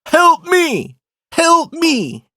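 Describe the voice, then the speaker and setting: A man imitating his three-year-old son, who shouts for help in a panic. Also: sing-song, very slow, no echo, clean studio sound, heavily acted. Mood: panicked shouting. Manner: shrill, shouting.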